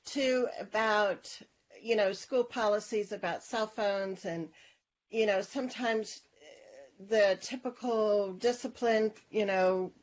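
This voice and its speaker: A woman host speaking very slowly and hesitantly, pausing often with fillers. The sound is dull and lo-fi. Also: medium pitch. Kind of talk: casual chat.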